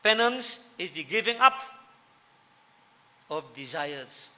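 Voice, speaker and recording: A man's voice: on the high side, very animated, slow, pushed and bright. A man giving a sermon to devotees, earnest, repeating key lines for emphasis. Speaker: preacher. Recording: long hall reverb.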